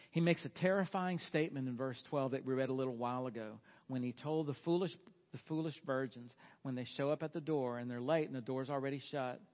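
A man's voice: medium pitch, muffled recording. A middle-aged man preaching a sermon, earnest and folksy, pressing his listeners with questions. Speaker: pastor.

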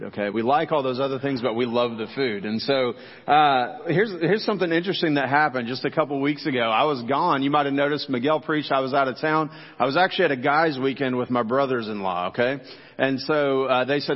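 A man's voice: mid-range voice, a little fast. Middle-aged male pastor, laid-back and joking, preaching in a church with a long echo and a muffled, dull sound. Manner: casual, joking, talks straight to the congregation. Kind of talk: sermon. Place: church sanctuary.

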